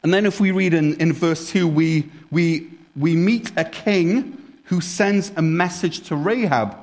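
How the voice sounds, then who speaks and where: A man's voice: a little high, a little slow, darkish tone. A man preaching a sermon in a conversational, storytelling way, explaining a Bible passage. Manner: conversational, storytelling, with restarts and asides.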